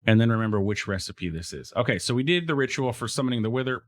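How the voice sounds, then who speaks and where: In clean, echo-free studio sound, a fast-talking man with an animated mid-range voice hosts a let's play. He chats casually, talks to the game mobs, and peppers his commentary with fillers and restarts.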